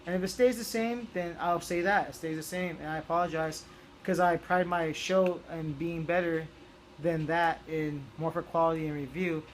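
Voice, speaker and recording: A man's voice: a little high, steady tone, moderate pace, a little hiss or hum. A young man chatting casually through a toy review, rambling with lots of ums and restarts.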